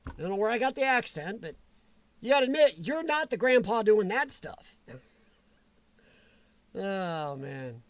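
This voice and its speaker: A man hosting a casual livestream, answering viewers' comments in a chatty, animated way with frequent chuckles. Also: high voice, a little slow, pauses often, dry recording. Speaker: livestream host.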